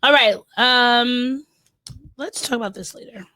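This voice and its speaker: A woman's voice: on the high side, a little slow, pushed and bright, no echo. Curious woman chatting on a podcast. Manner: curious, questioning, laughs easily. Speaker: podcast co-host. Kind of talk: casual chat.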